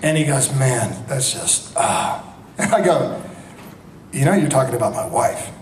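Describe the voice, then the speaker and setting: A man telling an animated anecdote to a live audience, acting out the dialogue as he goes. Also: mid-range voice, measured pace, background noise. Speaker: convention panel guest. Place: large convention hall. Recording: echoey hall with a crowd. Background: audience murmur and laughter.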